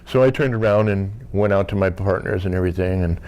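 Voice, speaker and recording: Deep-voiced and darkish in tone, this man in his sixties from the US talks fast. As an interview guest, he rambles through a long story, sprinkling in "you know" and performing snippets of dialogue in a casual storytelling interview.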